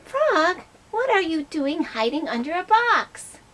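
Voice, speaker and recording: A gentle, wondering pig from a children's puppet show, played by a woman. The voice is high and bright, and she talks slowly and carefully. Each sentence rises and falls in a lively way. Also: heavily acted, poor audio. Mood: puzzled. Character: gentle puzzled pig puppet who loves surprises. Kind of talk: puppet skit.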